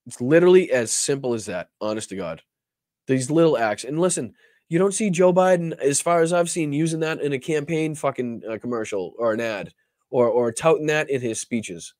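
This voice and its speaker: A man's voice: mid-range voice, normal speed, darkish tone, no room sound, clean studio sound. A man hosting a political livestream, talking casually with a lot of profanity and rambling restarts. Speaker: political talk show host.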